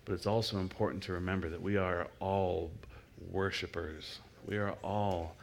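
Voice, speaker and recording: Low-voiced middle-aged man preaching. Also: creaky, a little hiss or hum. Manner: conversational, halting with many restarts; drops to soft murmured prayer and tongues. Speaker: guest speaker. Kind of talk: sermon with led prayer. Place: church service before a congregation.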